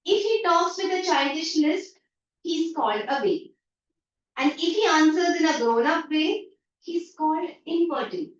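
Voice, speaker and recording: A woman teacher with an Indian English accent speaks in a very high, lively voice at a moderate pace, explaining a story to her online class by paraphrasing lines and acting out everyday remarks. The video-call audio sounds echoey, distant and dull.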